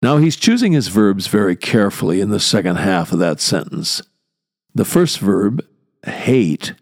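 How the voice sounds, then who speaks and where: Older male lecturer, low gravelly voice, slow and deliberate delivery. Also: a little mellow. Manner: measured, deliberate, explanatory. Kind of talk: spoken lecture.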